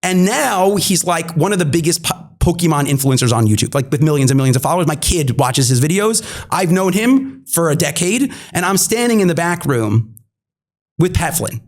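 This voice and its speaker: Animated man telling a story. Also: a little high, brisk. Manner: animated, many fillers, acts out quoted dialogue. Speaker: podcast guest, marketing entrepreneur. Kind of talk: storytelling anecdote.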